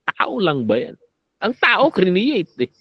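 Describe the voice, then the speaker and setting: Filipino man, Bible teacher, fairly high and animated delivery, dry close recording. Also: takes it slowly, slightly rough, no echo, lo-fi sound. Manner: animated, mixing Tagalog and English, sarcastic asides. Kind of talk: Taglish Bible lecture.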